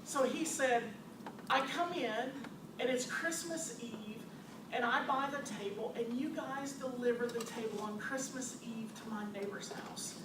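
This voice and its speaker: A woman who owns a store, telling animated customer stories to an audience with frequent laughter. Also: fairly high pitch, measured pace. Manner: animated, laughs often, acts out customers' quotes. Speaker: store owner presenting to a business audience. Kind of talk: storytelling presentation. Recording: distant, echoey, noisy room recording.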